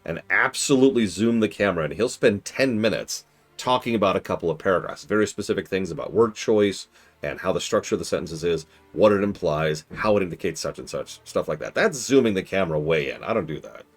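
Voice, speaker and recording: Streamer, male, low voice with big swings in pitch, chatty and mock-exasperated between muttered game asides. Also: fairly quick, soft background music. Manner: animated, mock-exasperated asides, mutters to himself while playing. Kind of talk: casual chat while playing a strategy game.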